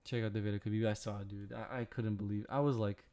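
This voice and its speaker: A man's voice: fairly low pitch, fairly even intonation, quick pace, mellow. A young man, sleepy, rambling and joking with his chat during a casual late-night stream. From Canada.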